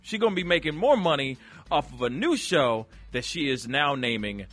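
A man hosting a radio show, chatting casually and addressing the listeners directly with slangy, animated talk. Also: fairly high pitch, normal speed, dry recording. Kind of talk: casual chat.

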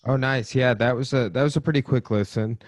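A man hosting a casual podcast chat with a friend, relaxed and friendly, his sentences trailing off. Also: medium pitch, brisk, no room sound. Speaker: podcast host.

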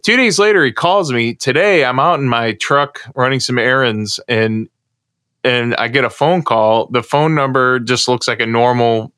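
A man's voice: mid-range voice, normal speed, pushed and bright, smooth, no echo. American guy rambling thru a story on a podcast, lots of restarts, dry close mic. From United States. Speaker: co-host. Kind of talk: casual podcast chat.

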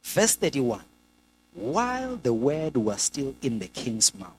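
A man preaching a sermon in a lively way, acting out the people in the scripture. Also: takes it slowly, a little hiss or hum, poor audio. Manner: lively, acts out scripture characters with sudden pitch jumps.

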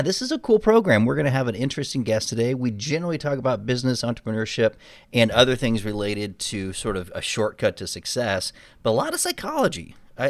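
A man's voice: fairly low pitch, no room sound. A man with a Texas accent hosting a podcast, chatting in an upbeat, loose way. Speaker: podcast host. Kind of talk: casual talk-show chat.

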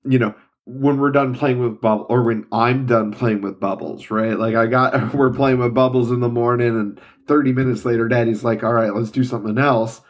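Brief: young dad, mid-pitched voice, amused, laughs easily. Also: male voice, steady tone, normal speed. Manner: amused, laughs while telling stories. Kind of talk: casual chat.

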